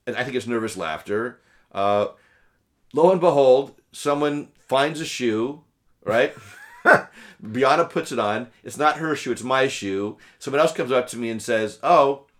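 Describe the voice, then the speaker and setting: A man's voice: mid-range voice, lively intonation, measured pace, a bit bright. A man co-hosting a podcast, telling a family river story in casual chat, laughing often and repeating words. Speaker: podcast co-host, parent.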